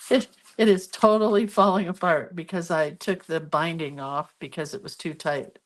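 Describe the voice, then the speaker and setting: A woman's voice: fairly low pitch, steady tone, measured pace. A congested, sniffly woman hosting a casual crafting demo, chatting and laughing at herself while she works. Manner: chatty, self-deprecating, talks while working. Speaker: craft video host.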